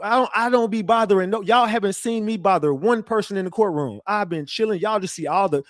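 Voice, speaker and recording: Addressing his chat directly, a livestream commentator rants in a defensive, boastful way, cursing heavily and restarting his sentences over and over. He speaks a little fast in a high, animated voice with few pauses. The sound is dry and studio quality.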